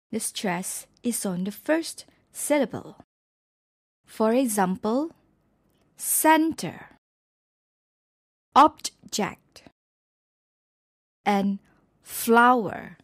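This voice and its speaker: A woman lecturing on English word stress at a very slow, careful pace, setting each example word apart with a pause. Her voice sits at an ordinary pitch. It is recorded close and dry, with no room sound. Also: big pitch swings, darkish tone, no echo. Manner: slow, deliberate, pausing between example words. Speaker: English pronunciation teacher. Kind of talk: scripted lecture narration.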